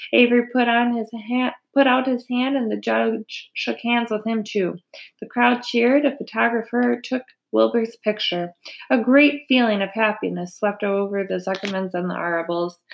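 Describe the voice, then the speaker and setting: A woman reading a children's novel aloud in a gentle, unhurried storytelling manner. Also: mid-range voice, vocal fry. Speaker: reader.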